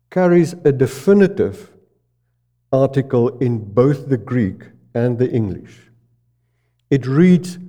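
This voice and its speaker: A male preacher delivers a sermon at an unhurried pace. His voice is very dark and mellow, and it sinks lower and quieter on the phrases he wants to stress. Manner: slow, deliberate, drops low and soft on key phrases.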